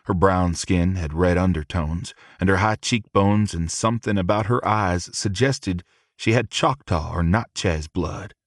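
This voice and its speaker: Male audiobook narrator, low voice, dry close sound, steady first-person read. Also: a little slow, no echo.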